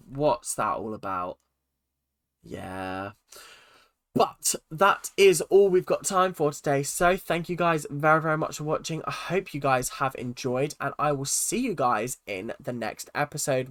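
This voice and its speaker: A man ranting in an animated, exasperated way on his vlog, reviewing reality TV with mocking asides. His voice sits at a middle pitch and is recorded close and dry, with no room sound around it. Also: no echo.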